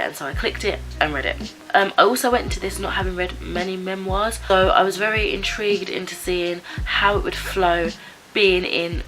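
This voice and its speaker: A woman with a raspy, stuffed-up voice from a cold, chatting casually through a book review with lots of fillers and restarts. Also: lowish voice, low-quality recording. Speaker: book vlogger. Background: background music.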